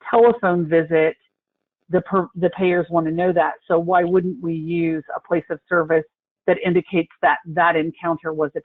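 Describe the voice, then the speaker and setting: A man consulting on healthcare coding in a webinar discussion, explaining in a measured, deliberate way. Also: on the high side, creaky, no echo. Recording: tinny phone-line audio.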